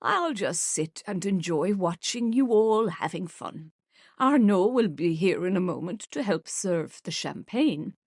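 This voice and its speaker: A woman's voice: fairly low pitch, animated, measured pace, no room sound, studio quality. A woman voicing an elderly grandmother hosting a party, proud, gracious and effusive in her speech, in an audiobook. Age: older. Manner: warm, effusive hostess speech.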